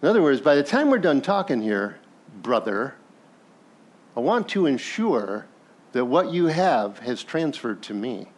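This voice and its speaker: A male pastor preaching a sermon in a conversational, animated way, asking the congregation questions and briefly acting out characters from the story. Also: medium pitch, measured pace. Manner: animated, acts out biblical characters in passing.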